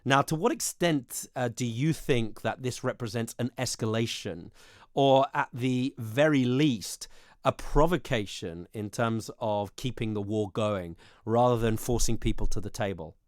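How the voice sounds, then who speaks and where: A male television host conducting a political interview. He asks long, measured questions, often pausing on fillers as he builds his point. His voice sits at a middle pitch and sounds dry and close to the mic. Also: no room sound. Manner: measured, hesitant with many fillers.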